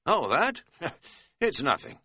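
A man's voice: a little high, sing-song, slow, pushed and bright, breathy edge, dry recording, studio quality, pitched above the performer's own voice, exaggerated voice. A man voicing a scatterbrained middle-aged hiking buddy who talks in a folksy, rambling, self-mocking way. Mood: rueful storytelling. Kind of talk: audiobook character voice.

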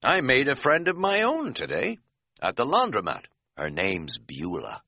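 A man putting on a smug, folksy hiker pal, higher voice than usual, bouncy, dry close sound, storybook reading. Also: wildly swooping pitch, unhurried, creaky, sharp tone, no echo, full character voice. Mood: boastful. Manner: folksy, teasing, smug about his own quips. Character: crude, joking middle-aged male hiker buddy.

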